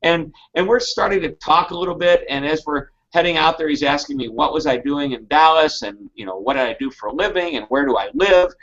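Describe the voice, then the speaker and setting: A man telling a story in a keynote talk, with a fairly high voice. He is animated and acts out the people he quotes. The sound is dull and lo-fi. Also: a little fast, few pauses. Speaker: keynote speaker.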